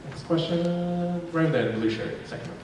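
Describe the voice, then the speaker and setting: A man runs a convention panel and points out who asks next. His voice carries from a distance through a hall with heavy echo and long reverb. Steady noise runs behind him. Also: a little high, normal speed. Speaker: panel moderator. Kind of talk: calling on audience questions. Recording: echoey hall from far off, noisy.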